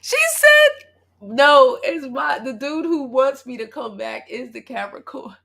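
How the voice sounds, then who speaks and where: A woman in her thirties from Brooklyn hosts a livestream and chats with viewers. Her voice is gravelly and husky, with a rough, breathy edge. She talks in a blunt, profane and animated way. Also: high-pitched, measured pace. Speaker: livestream host. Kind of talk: casual livestream chat.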